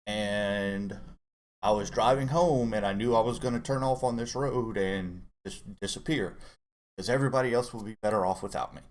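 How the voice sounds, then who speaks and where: A middle-aged man telling a candid personal story in casual chat, earnest and halting as he opens up. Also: fairly low pitch. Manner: earnest, halting, open about emotion. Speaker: co-host guest dad.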